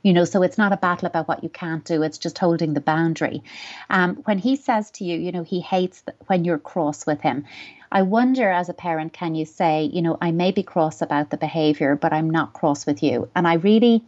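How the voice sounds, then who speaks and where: A woman gives parenting advice on a podcast. Her voice sits fairly low, and she speaks in a thoughtful, measured, reassuring way. The audio is a little dull and lo-fi. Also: darkish tone. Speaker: parenting expert. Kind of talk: advice podcast answering a listener question.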